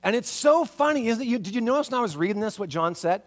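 A man preaching a sermon as pastor in a church, conversational and animated, tossing out rhetorical questions and checking in with listeners. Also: high voice, fast. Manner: conversational, full of rhetorical questions and tag "right?"; animated, acts out reactions.

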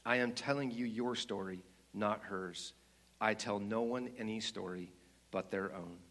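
Storybook lion, huge and wise, man reading it deep, low, slow and hushed. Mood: solemn. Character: huge wise male lion, calm and solemn.

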